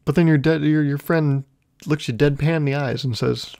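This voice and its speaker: Young man with a gravelly, creaky voice. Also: fairly high pitch, fairly even intonation, fairly quick, darkish tone. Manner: rambling, self-deprecating storytelling with frequent laughs. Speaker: podcast host. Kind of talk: comedic solo podcast monologue.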